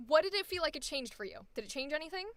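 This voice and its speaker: A woman, a voice acting coach, directing a live session with an animated, emphatic, directive manner. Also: high voice, very fast.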